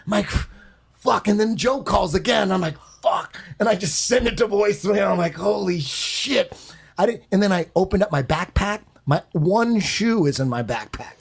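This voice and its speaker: A man casually telling an animated, profane story on a podcast, acting out voices and sounds. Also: high-pitched, brisk, creaky, few pauses, breathy edge. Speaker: guest storyteller.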